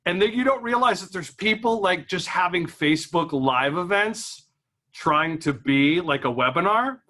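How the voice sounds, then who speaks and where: A man's voice: high-pitched, expressive, normal speed, sharp tone. A man doing stand-up comedy at an office event. He rambles in a chatty way and laughs at his own jokes.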